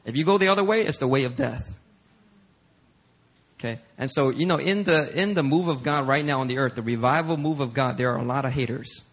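A male pastor preaching a sermon in a church, telling stories in an animated, conversational way. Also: mid-range voice, a little fast. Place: church sanctuary.

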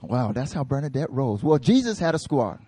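A man preaching a casual, joking sermon in an animated, slangy way. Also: mid-range voice, normal speed, breathy edge, no echo.

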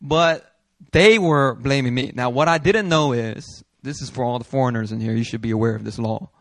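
A man preaching a sermon as a pastor, telling a story in an animated way, acting out the people he quotes and laughing as he goes. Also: medium pitch, moderate pace, dry recording. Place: church hall.

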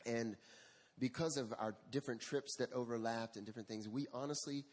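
A male pastor delivering a sermon with animated storytelling and a husky voice, rising in volume for emphasis. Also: medium pitch, brisk.

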